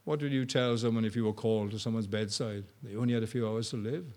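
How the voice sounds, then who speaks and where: An older man preaching a sermon, shifting between soft, slow storytelling and loud, rising appeals to the congregation. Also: on the low side, fairly even intonation.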